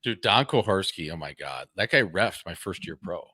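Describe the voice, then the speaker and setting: Low-voiced man telling hockey stories. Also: normal speed, husky, dry recording. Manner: animated anecdotes with quoted voices, swears freely. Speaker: podcast co-host, former pro hockey player. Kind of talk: casual chat, storytelling.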